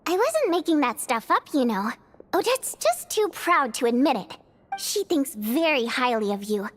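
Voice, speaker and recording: A woman's voice: sits high, big pitch swings, normal speed, fairly bright tone, slight background noise. A woman voicing a playful, proud young female stage star in a video game, teasing and chatty. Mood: warm. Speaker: stage performer character.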